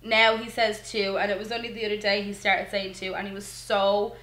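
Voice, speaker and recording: A young woman, chatting casually to camera about her toddler, relaxed and full of ums and likes. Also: medium pitch, fairly quick. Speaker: mother vlogger. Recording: echoey room.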